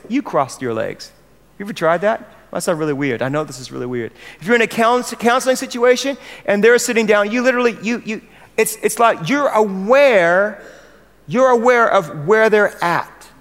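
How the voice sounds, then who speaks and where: A man's voice: sits high, a bit bright. An American man, a pastor, gives an earnest, emphatic sermon to church leaders and asks the room questions. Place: large hall with other church leaders. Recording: long hall reverb.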